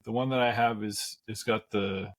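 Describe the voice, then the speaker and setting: A man's voice: fairly low pitch, steady tone, normal speed, a loud crowd. A man from Canada hosting a casual podcast chat, often restarting his sentences before landing the point. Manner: starts sentences over, easygoing. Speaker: podcast host.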